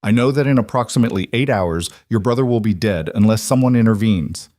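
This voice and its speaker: A man's voice: lowish voice, brisk, no room sound, studio quality, close to an everyday voice. A man reading as a cool, clipped mafia boss. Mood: cold. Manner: calm, clipped, matter-of-fact threats. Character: cold controlled male mafia boss.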